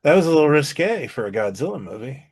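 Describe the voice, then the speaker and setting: A man co-hosting a podcast in casual chat, easygoing and quick to agree. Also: on the high side, sing-song, husky. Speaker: podcast co-host.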